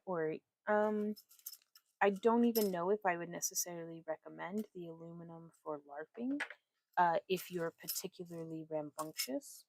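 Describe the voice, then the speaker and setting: Giggly low-voiced woman with vocal fry. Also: moderate pace. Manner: chatty, giggly, talks to chat viewers. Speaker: craft live-streamer demonstrating armor weaving. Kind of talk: casual live-stream chat and craft demonstration.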